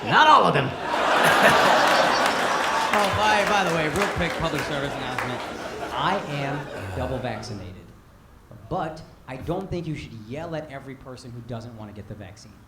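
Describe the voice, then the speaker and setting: A man's voice: medium pitch, lively intonation, normal speed. A man in his thirties performing a brash, profane stand-up comedy set on a club stage. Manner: brash, profane, punchy delivery. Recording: roomy live club recording with crowd noise. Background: loud audience laughter.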